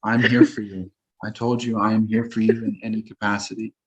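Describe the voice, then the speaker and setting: A man talking earnestly as a guest on a spiritual talk show, repeating his affirmations slowly. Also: lowish voice, level tone, a little mellow, dull audio. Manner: earnest, slow, repetitive affirmations.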